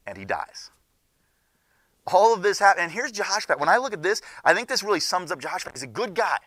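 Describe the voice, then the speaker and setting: A young man teaching a junior high Bible class, retelling the story with lively asides and acting out what the characters say. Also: no room sound, clean studio sound.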